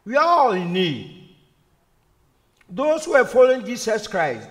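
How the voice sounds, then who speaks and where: Preacher, male: high, very animated voice, delivering a slow, repetitive sermon with rhetorical questions, church reverb. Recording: long reverb of a church hall.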